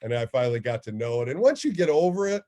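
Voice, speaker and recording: A man's voice: mid-range voice, fast. A former ballplayer turned radio host telling stories in a casual interview, acting out the people he quotes. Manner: animated storyteller, acts out quoted dialogue.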